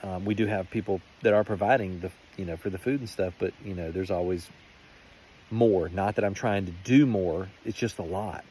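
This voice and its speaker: Low-voiced and dark in tone, this faith vlogger speaks at a moderate pace over slight background noise. His testimony is heartfelt but rambling, full of restarts.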